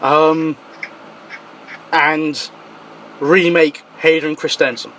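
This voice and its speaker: A man's voice: fairly high pitch, steady tone, drawn-out words, fairly bright tone, slight background noise, poor audio. A man hosting a talk show in casual chat, joking around, swearing freely and laughing often.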